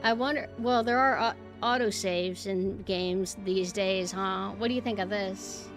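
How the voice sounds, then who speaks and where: A woman streaming a game and chatting casually with her viewers, swinging between quiet murmurs and loud exclamations. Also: medium pitch, measured pace, over music. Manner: chatty, talks to chat directly. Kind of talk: casual gameplay livestream chat.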